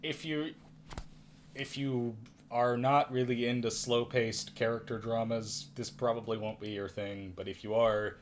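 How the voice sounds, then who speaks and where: A man's voice: medium pitch, flat delivery, unhurried, a little hiss or hum. A man hosting a casual film review podcast, rambling and self-correcting with a wry tone. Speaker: podcast host reviewing films. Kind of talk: casual chat.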